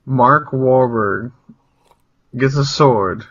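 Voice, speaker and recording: A man's voice: mid-range voice, very slow, a bit bright. Man asking skeptical questions, dull sound. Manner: skeptical, asks short questions. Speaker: podcast co-host. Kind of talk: casual podcast chat.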